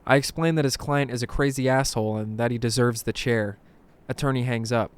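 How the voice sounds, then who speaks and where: A man reading creepy first-person stories aloud in a dramatic narration, dropping to a hush at tense moments. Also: medium pitch, fairly even intonation, a little fast, clean tone. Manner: dramatic, hushed at tense moments, bursts of alarm. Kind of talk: scripted horror story narration.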